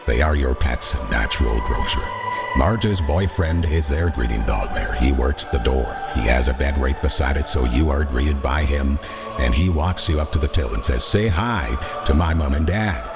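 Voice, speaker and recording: A man putting on the voice of a calm, deep-voiced older male celebrity narrator to read an ad for a pet store. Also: moderate pace. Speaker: ad reader. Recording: loud music bed behind the voice.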